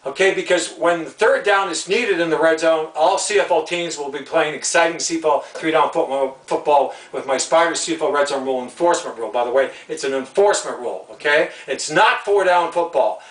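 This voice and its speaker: A man's voice: a little high, a little fast, few pauses, a bit bright, reverberant, far from the mic, poor audio. A man from Canada ranting angrily in a video, repeating himself and stumbling over restarts. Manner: angry, repetitive, stammering restarts. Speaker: video ranter about football rules. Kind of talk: heated solo rant video.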